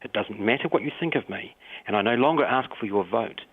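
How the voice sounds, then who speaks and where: A New Zealand man with a New Zealand accent speaks with open passion and emotion. His voice sits at an ordinary middle pitch. It reaches the listener squeezed through a narrow, tinny telephone line. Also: brisk, breathy edge. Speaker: mayor. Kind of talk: radio interview over the phone.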